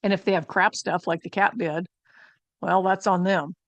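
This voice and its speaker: A woman's voice: lowish voice, steady tone, moderate pace, dry recording, dull audio. Chatty woman doing a home haul. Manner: chatty, rambling, with frequent fillers and asides. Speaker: channel host. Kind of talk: casual product haul review.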